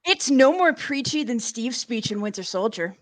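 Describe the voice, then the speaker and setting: Opinionated woman with a higher voice. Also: lively intonation, moderate pace, over a noisy crowd. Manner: opinionated, conversational. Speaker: podcast co-host. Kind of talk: casual review chat.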